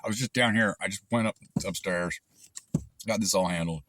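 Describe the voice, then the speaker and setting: A man's voice: low-pitched, normal speed, background noise. A man telling a long, frustrated story in a rambling, casual way with lots of fillers and restarts. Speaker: channel host recounting a dispute.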